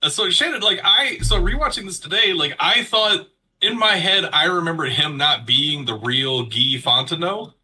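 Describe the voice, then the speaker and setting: High, sharp-voiced excitable man. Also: moderate pace. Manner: excitable, laughing. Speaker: podcast co-host. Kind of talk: casual film review chat.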